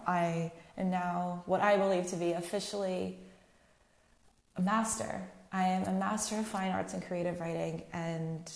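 A young woman hosts a solo podcast in a chatty, candid, freely swearing way. Her voice sits a bit low and has a gravelly fry. The recording has a noticeable roomy echo. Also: steady tone, measured pace, darkish tone. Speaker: podcast host. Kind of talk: casual solo podcast monologue. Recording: echoey room.

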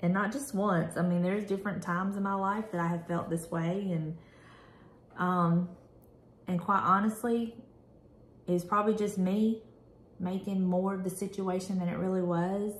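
A woman's voice: mid-range voice, fairly even intonation, moderate pace, reverberant, a little hiss or hum. A woman vlogger reading a devotional prayer aloud and reflecting on it in an earnest, candid, conversational way.

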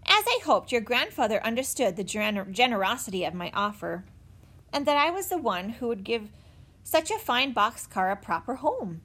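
A woman reading aloud voices a pompous, grumpy older man who talks huffily, in a high, lively voice. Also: moderate pace. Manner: huffy, indignant.

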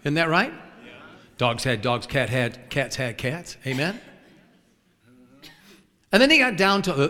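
Animated male preacher in a reverberant church. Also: fairly high pitch. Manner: animated, acts out scenes and chuckles at his own stories. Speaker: traveling preacher. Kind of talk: sermon with humorous storytelling. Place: large church sanctuary. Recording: long reverb of a large church.

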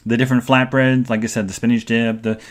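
A man's voice: flat delivery, fast talker. A male host chatting live to his audience, rambling from one story to the next. He talks in a loose, casual way, full of fillers and restarts. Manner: greets chat viewers in a sing-song high voice. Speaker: podcast host. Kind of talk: live-stream casual chat.

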